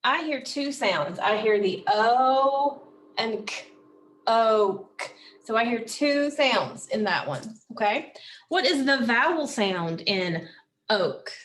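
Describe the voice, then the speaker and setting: A woman teaching a phonics lesson, slowly and patiently sounding out words and syllables for children. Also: fairly high pitch, expressive, a bit bright.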